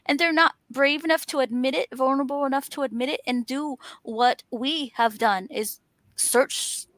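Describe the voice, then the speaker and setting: High-voiced woman giving earnest encouragement. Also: moderate pace, fairly bright tone, no echo. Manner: earnest, encouraging, emphatic lists. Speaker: author and panel host. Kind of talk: motivational casual chat.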